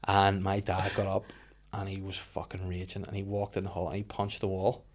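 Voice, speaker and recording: A podcast host in his thirties chats casually in a low voice at normal speed. He swears a lot and acts out the people in his stories.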